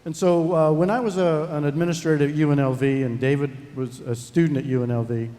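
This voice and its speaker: A man's voice: a little high, steady tone, a little fast, dark tone. A middle-aged man, a university president, telling an easygoing family anecdote to an audience. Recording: reverberant hall.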